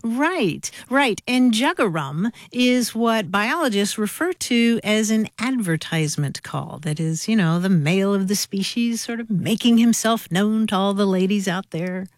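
A woman's voice: medium pitch, lively intonation, measured pace, few pauses, no room sound, clean studio sound. Woman co-hosting a call-in radio show. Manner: conversational, informative, reads out listener mail. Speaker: co-host of a language call-in show.

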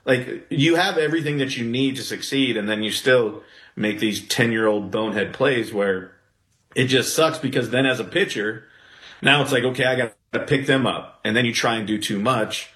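A man, a former pitcher, talking baseball in a blunt, animated way that rises into exasperated outbursts. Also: moderate pace. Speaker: former pitcher, podcast guest. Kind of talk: casual sports talk. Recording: roomy echo.

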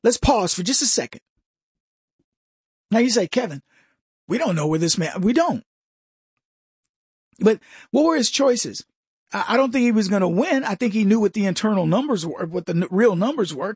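Man, husky, dry close sound, mocking political talk, chuckling asides. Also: high-pitched, sing-song, moderate pace, long pauses, dry recording. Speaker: political commentary host. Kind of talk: casual political commentary monologue.

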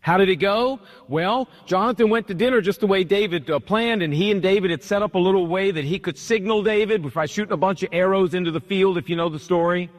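A man pastor preaching a sermon, retelling a story with animated, emphatic repetition, in a church hall. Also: high voice, a little fast, few pauses. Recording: long hall reverb.

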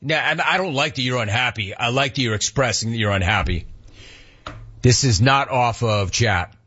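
A man in his forties from Southern California hosting a casual sports talk show, an animated, rambling storyteller who reads from the live chat. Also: mid-range voice, moderate pace, slightly rough, lo-fi sound.

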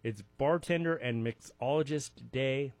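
A man's voice: mid-range voice, measured pace, darkish tone, no room sound. A man in his forties hosting a live radio show, rambling casually through a list of daily observances with self-mocking jokes. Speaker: radio host. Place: radio studio.

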